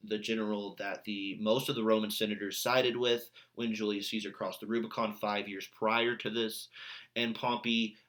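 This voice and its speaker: A man's voice: lowish voice, level tone, moderate pace, a bit bright. A man recording a video lesson for his English class, talking in a casual, chatty way with mild sarcasm. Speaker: English teacher.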